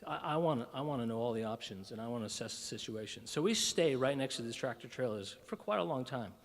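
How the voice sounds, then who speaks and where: A man's voice: medium pitch, animated, fast talker. A man giving a keynote talk at a breakfast event, telling a story with lots of "you know" and "right". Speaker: keynote speaker.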